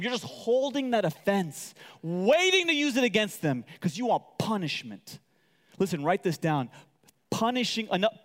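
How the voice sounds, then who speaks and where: Male pastor, high voice, very lively delivery, long hall echo. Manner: animated, acts out quotes with big pitch jumps. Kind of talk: sermon. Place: large hall with audience.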